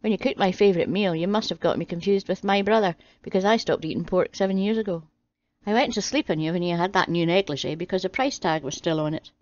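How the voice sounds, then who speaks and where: A woman reading a string of jokes aloud in a steady, deadpan way. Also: on the low side, fast talker. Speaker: channel host reading jokes. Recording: dry, slightly dull home audio.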